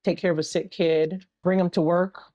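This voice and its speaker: A woman's voice: lowish voice, level tone, moderate pace, highs cut off. A middle-aged woman answering interview questions earnestly as an entrepreneur and single mother, often repeating a refrain and using analogies.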